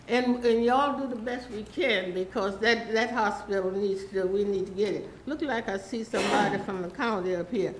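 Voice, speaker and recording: A woman's voice: medium pitch, moderate pace, few pauses, echoey room, a little hiss or hum, poor audio. A woman, rambling and pleading through a public comment at a city council meeting. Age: 80s.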